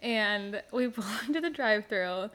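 A woman's voice: medium pitch, lively intonation, moderate pace, a bit bright. A young woman hosting a casual chat, telling a story with frequent laughs and lots of "like" fillers.

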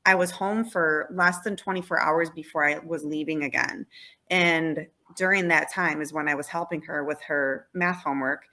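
Woman, 30s, podcast guest, bright lowish voice, candid, self-reflective. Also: steady tone, moderate pace. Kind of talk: casual conversation.

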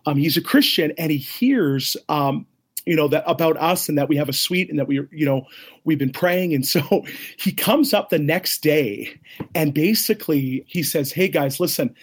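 A middle-aged man, a ministry leader, telling an animated story as an interview guest, acting out the voices of others and laughing often. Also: fairly high pitch, normal speed, husky.

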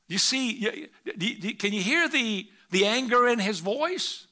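Pastor, male, high bright voice, preaching with loud bursts and quiet asides. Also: animated, a little slow. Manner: reads scripture aloud in old English. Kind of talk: sermon.

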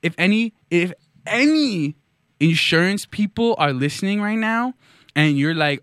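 A man's voice: sits high, animated, unhurried, a bit bright, no room sound, clean studio sound. A man hosting a podcast, delivering a mock-outraged, sarcastic comedic monologue. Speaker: podcast host.

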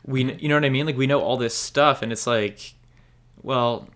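Male podcast co-host, mid-pitched, relaxed and hedging, casual swearing. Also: normal speed. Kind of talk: casual chat.

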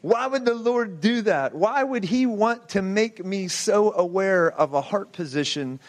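A man's voice: sits high, lively intonation, unhurried. A man in his forties preaching, telling a personal testimony with impassioned storytelling and rhetorical questions.

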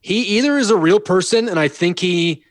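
A man's voice: high voice, animated, normal speed, no room sound. A man hosting a casual sports podcast, amused and laughing as he talks. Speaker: podcast host.

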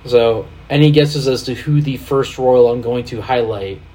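A man hosting a casual podcast chat, animated, swearing freely and laughing while he directs the video playback. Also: medium pitch, moderate pace. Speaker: podcast host.

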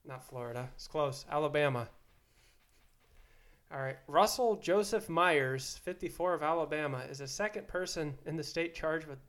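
A man's voice: fairly high pitch, normal speed, a bit bright. Man reading headlines on a podcast. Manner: reads headlines aloud, teasing quiz-master. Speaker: podcast co-host. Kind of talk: casual chat, reading news quiz.

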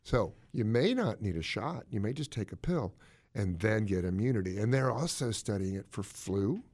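A man co-hosting a casual chat, explaining health news in a jokey, animated way. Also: normal speed. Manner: animated, jokey, swoops up in pitch for emphasis.

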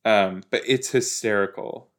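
Lying down at home, a young podcast host makes fun of a TV episode in a casual chat. He talks at a measured pace in a lowish voice.

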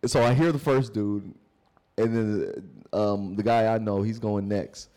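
Mellow-voiced young man telling stories. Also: fairly low pitch, fairly even intonation, measured pace. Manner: loose, slangy storytelling. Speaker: podcast co-host. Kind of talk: casual storytelling chat.

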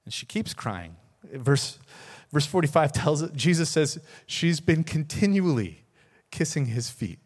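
A man, a pastor, preaching a sermon, telling a story earnestly with repeated words and rising emphasis. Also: fairly high pitch.

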